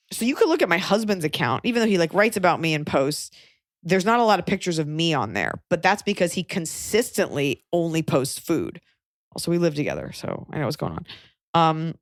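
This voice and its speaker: A woman's voice: fairly low pitch, dry recording, clean studio sound. A woman hosting a podcast, giving frank advice in casual chat, often restarting her sentences. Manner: chatty, frank, self-interrupting. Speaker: podcast host.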